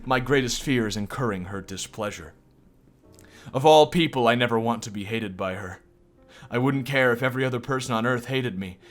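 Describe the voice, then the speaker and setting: A man's voice: mid-range voice, brisk, a bit bright, faint music behind, lightly acted. A man reading the lines of a lovestruck, shy young schoolgirl narrator aloud in his own plain voice. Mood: wistful.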